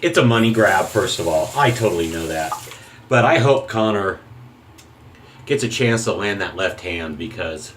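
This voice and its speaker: A man's voice: low voice, expressive, normal speed, a bit bright, slight background noise, poor audio. A man hosting a shaving channel, rambling through an opinionated casual monologue and often cutting himself off mid-sentence. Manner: opinionated, rambling, self-interrupting.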